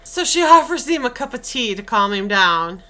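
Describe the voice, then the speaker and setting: A woman's voice: on the high side, sing-song, normal speed, sharp tone. A woman hosting a podcast, casually recapping a film scene and acting out the characters' lines. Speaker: podcast host.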